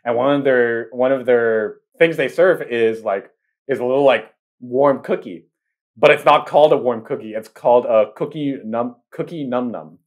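A man's voice: medium pitch, moderate pace, phone-quality sound. A young man in his twenties with a mid-range voice co-hosts a casual podcast. He rambles through his stories, filling gaps with "like" and "um". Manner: rambling, filler-heavy storytelling. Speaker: podcast co-host. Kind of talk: casual chat.

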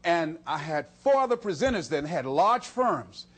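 A man's voice: on the high side, normal speed, husky. A man giving a motivational speech, telling stories with lots of energy and laughing often. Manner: animated storytelling, laughs often, talks to himself in acted quotes. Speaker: motivational speaker.

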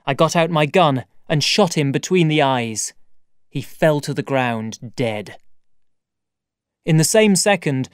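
A man reading an audiobook in a measured, deliberate storytelling manner, close to a studio mic. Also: on the high side, dry recording. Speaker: audiobook narrator. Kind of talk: scripted narration.

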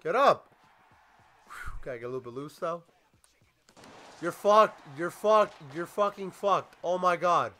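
Excitable, foul-mouthed young gamer man. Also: high voice, a little slow, pauses often. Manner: excitable, swearing, yelling at the game. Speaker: gaming YouTuber. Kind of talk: let's play commentary.

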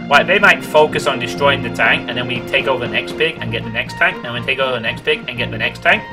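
A man's voice: mid-range voice, fast talker. A man streaming a video game, thinking aloud about his moves and reacting with swearing and groans. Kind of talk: let's play commentary. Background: game music.

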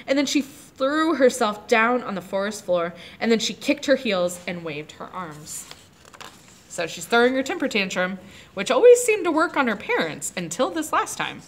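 A woman librarian reading a chapter book aloud to children, pausing to ask them about the pictures. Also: on the high side. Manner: animated, asks the kids questions about the pictures. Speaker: librarian leading children's story time.

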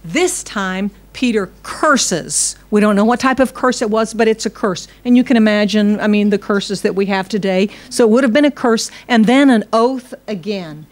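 A woman's voice: medium pitch, normal speed, hardly any pauses. A woman pastor, preaching a conversational sermon and putting questions to her congregation.

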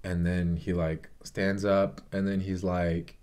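A man's voice: sits low, level tone, takes it slowly, hardly any pauses, darkish tone. Emotionele jonge man die vloekend over een film praat. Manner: emotional, swears often, rambles with fillers. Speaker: vlogger. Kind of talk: casual movie review.

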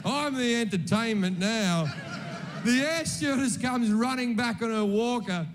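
A man's voice: extremely high pitch, unhurried, heavy background noise. An Australian man doing stand-up, telling a story in a brash, profane, punchy way. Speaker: stand-up comedian.

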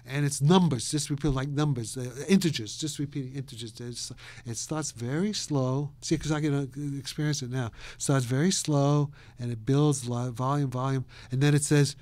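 Older man from new york, rambling animated interview stories, laughs a lot, dry room. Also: medium pitch, moderate pace, few pauses, no echo. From New York, USA. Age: around 80. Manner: animated, laughs often, trails off and restarts. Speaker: interview guest, physicist.

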